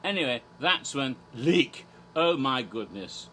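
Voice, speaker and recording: A man's voice: medium pitch, expressive, a little slow, bright, forceful tone, slight background noise. Man with a put-on British accent. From Asia. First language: American English. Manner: theatrical, silly asides, chuckling digressions. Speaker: horror theme park vlogger. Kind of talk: rambling casual commentary in a persona.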